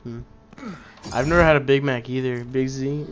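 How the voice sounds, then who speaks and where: A man's voice: medium pitch, fairly even intonation, moderate pace, slight background noise. A man on a game stream chatting in an easygoing way, reacting to the chat and his co-host.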